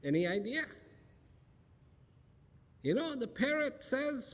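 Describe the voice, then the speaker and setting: A man's voice: extremely high pitch, lively intonation, a little slow, vocal fry, long pauses. Man speaking in an echoing hall. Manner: rhetorical questions, emphatic repetition. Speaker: spiritual speaker. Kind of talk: storytelling public talk. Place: large auditorium. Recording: long reverb of a large hall.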